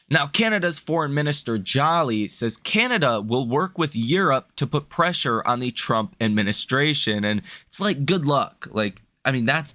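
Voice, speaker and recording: A man's voice: medium pitch, a bit bright, dry recording. A man hosting a stock market video, reading news headlines and then giving his own blunt opinions in a casual way. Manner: talks in restarts and asides like "right?" and "okay?".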